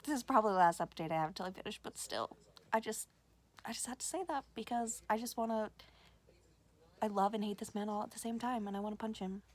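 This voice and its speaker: Woman ranting and gushing about books on her vlog, cusses a lot, says like constantly, medium pitch. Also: fast. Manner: excitable and gushing, frequent "like" fillers, swears freely. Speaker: book vlogger. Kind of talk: casual vlog chat.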